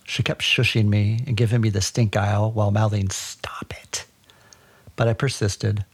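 A man narrating a personal childhood story for a podcast in a wry, deadpan way. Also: lowish voice, normal speed, breathy edge.

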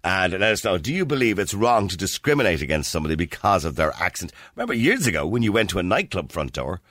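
A man with an Irish accent hosting a radio phone-in show, animated and joking with callers. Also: low-pitched, fast talker, no room sound, clean studio sound. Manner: animated, joking, laughs often.

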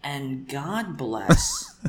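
A man's voice: fairly high pitch, very slow, echoey room, a little hiss or hum. A man co-hosting a podcast, telling a story in casual chat and acting out the people in it. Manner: animated, acts out quoted people.

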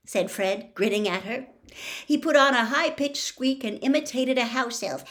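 Expressive woman reading a story aloud. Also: mid-range voice. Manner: expressive, quick, dropping to a whisper.

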